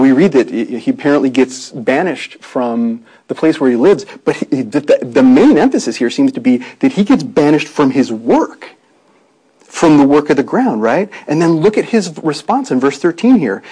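A man's voice: on the high side, animated, normal speed, warm tone, slightly rough, rough recording. A man preaching a sermon in an earnest, conversational way, with frequent restarts and rhetorical questions.

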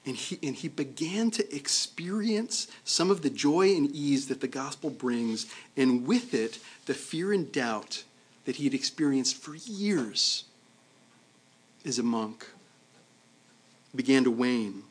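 A man's voice: mid-range voice, expressive, slow, husky. A man preaching a sermon in a conversational way. He often checks in with the congregation and repeats words as he goes. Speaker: pastor.

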